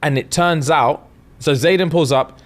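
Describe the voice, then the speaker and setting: A man's voice: on the high side, measured pace. Young man retelling a story. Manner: animated retelling, acting out characters' lines with slang and swearing. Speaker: podcast co-host. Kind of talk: casual storytelling chat.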